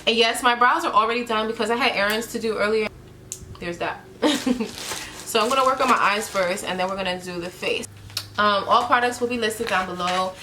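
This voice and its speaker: A woman's voice: mid-range voice, a little fast, noisy background. A woman chatting casually to camera while doing her makeup, playful and a little nervous. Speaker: beauty vlogger.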